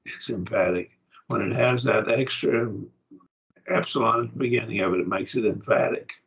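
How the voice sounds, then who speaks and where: Male teacher, low husky voice, patient classroom explainer, lo-fi recording. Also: moderate pace, fairly bright tone. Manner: patient, explaining step by step with frequent checks. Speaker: Greek grammar teacher. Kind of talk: classroom lesson.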